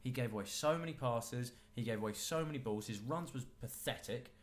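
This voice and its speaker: A man's voice: mid-range voice, fairly quick. A man co-hosting a casual football podcast, opinionated and enthusiastic about players. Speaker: podcast co-host.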